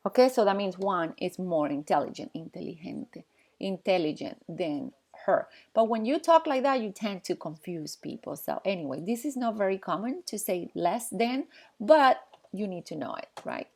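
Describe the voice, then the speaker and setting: A woman teaching a Spanish grammar lesson in English. She explains patiently, pauses while she writes on the board and keeps checking in with her students. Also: mid-range voice, lively intonation, darkish tone. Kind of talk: classroom lesson at a whiteboard.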